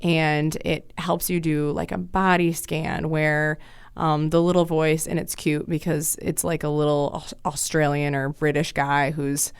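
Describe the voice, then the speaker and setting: A woman's voice: low voice, little pitch movement, measured pace, smooth, no echo. A woman who works as a child and adolescent counselor, chatting casually in a podcast interview and explaining things with everyday examples.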